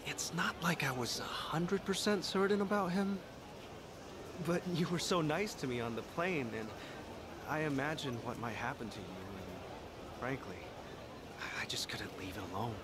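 A man voices a courteous, earnest video-game character at a mid pitch who speaks with polite restraint. Clear background noise sits under the game audio. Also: normal speed, lightly acted. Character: polite, earnest young man, helpful and modest.

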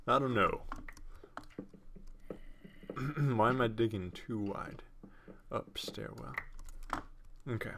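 A young man talks through his game at his home computer in a bright, forceful voice, close on a desktop microphone. He rambles, mocks himself and bursts into loud excited yelps when things go wrong. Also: medium pitch, takes it slowly, vocal fry, pauses often, a little hiss or hum. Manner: rambling, self-mocking, excitable outbursts. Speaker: gameplay commentator. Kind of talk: casual let's-play commentary. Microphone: desktop USB microphone.

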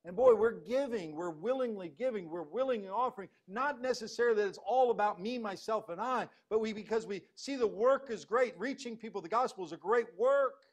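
A man preaching a sermon as pastor, emphatic, swinging between loud bursts and hushed scripture reading. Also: high voice, brisk, few pauses, muffled recording.

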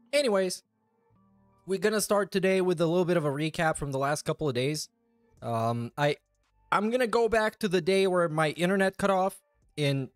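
A man's voice: on the high side, dry recording, clean studio sound. A man hosting a casual commentary show, talking in a sarcastic, mocking way. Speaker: host.

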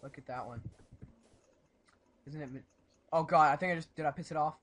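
A man hosting a casual gameplay commentary, excitable and prone to bursts of panicked yelling. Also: a little high, brisk. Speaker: gaming channel host.

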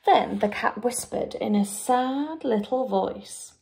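A teacher reading a picture book aloud to young children, with an expressive, drawn-out delivery. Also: female voice, a little high, vocal fry. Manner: expressive, drawn-out, lively character voices.

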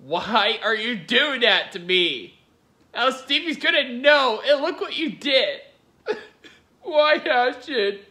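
A man's voice: extremely high pitch, expressive, slow, bright, forceful tone. A man giving giggly, rambling reaction-video commentary, gushing over what he watches.

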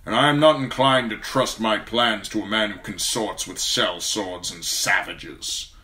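A cold, calculating older lord weighs each word slowly, as a man reads him aloud. The voice sits low with a bright edge in a steady audiobook reading. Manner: slow, measured, cold.

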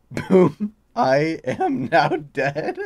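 A man's voice: fairly high pitch, wildly swooping pitch, very slow, a little mellow. A young man hosting a gaming stream, bossy and joking, swearing and bursting out at his friends. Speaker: streamer and channel host. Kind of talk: casual gaming chat.

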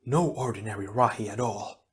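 A man's voice: lowish voice, fairly quick, breathy edge. A man voicing a daring, eager male air hero with a lifted voice. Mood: troubled.

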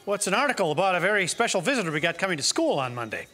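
An actor playing a shy, polite schoolteacher who hesitates and stammers, on a theater stage. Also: male voice, high-pitched, very animated, racing, bright, forceful tone, soft background music, heavily acted. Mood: awkward. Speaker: teacher. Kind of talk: stage play acting.

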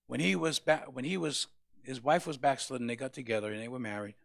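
A male pastor preaching a sermon, with passionate rises to loud peaks. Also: medium pitch, expressive, fast talker, vocal fry, dry recording, studio quality.

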